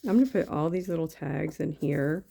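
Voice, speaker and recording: Low, gravelly-voiced woman crafting along. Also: normal speed, mellow. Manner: chatty, rambling, thinks aloud with fillers. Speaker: craft YouTuber. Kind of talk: casual craft-along chat.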